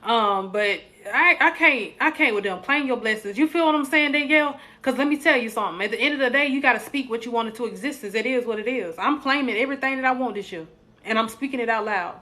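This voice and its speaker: A young woman chats on a live stream, her voice bright and forceful and sitting a little high. She jokes with her viewers and slips into preachy encouragement. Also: fast. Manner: animated, preachy, joking with viewers. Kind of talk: casual live stream chat.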